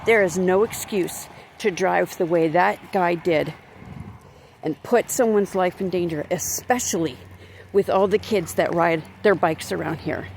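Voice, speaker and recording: A woman's voice: fairly low pitch, measured pace, gravelly, a little mellow. A woman vlogger and crisis worker, ranting indignantly to a handheld phone while walking her dog on a neighborhood street, rambling with many restarts. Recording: outdoor street noise.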